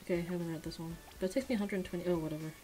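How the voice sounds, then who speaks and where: Young woman, casual gaming commentary, mumbles low and then bursts into shrieks, faint music underneath. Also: very fast, rough recording. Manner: swings from mumbled low sighs to shrieking excitement. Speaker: gacha gaming streamer.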